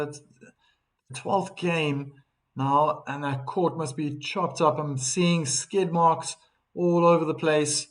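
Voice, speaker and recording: Calling a tennis match live for his stream, a man stays composed between points and gets more energetic on standout shots. He reads the chat aloud in a voice that's on the high side, taking his time.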